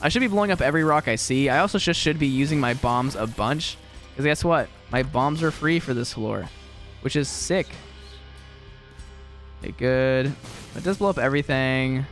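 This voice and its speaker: A man's voice: medium pitch, moderate pace, a bit bright, faint music behind. A young man giving casual, rambling gameplay commentary, laughing often and poking fun at himself while he tells stories from his teaching day. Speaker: gaming video creator and teacher.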